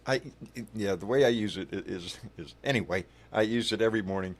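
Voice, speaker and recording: A man's voice: lowish voice, fairly quick. Loose-talking man hosting a livestream. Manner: loose and profane, calls viewers baby. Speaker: livestream host. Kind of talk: casual livestream chat.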